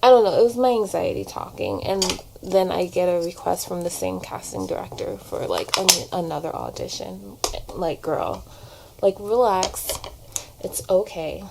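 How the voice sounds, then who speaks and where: A woman's voice: on the low side, moderate pace, creaky, few pauses, noisy background. A woman vlogger chatting casually while doing her makeup at home. She rambles a little and fills her talk with "like", recorded by a camera propped nearby. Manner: chatty, rambling, many "like" fillers. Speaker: vlogger and actor. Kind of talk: casual get-ready-with-me chat. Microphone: camera propped on a shelf.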